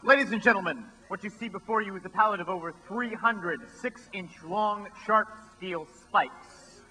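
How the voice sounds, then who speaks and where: A man's voice: high-pitched, moderate pace, sharp tone, rough recording. A man presenting a stunt on a stage before a live audience, with dry, sarcastic patter aimed at the crowd.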